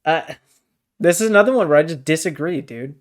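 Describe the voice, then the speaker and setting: A man's voice: a little high, animated, brisk. A man co-hosting a casual book discussion podcast, blunt and exasperated, swearing freely as he pushes back. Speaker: podcast co-host.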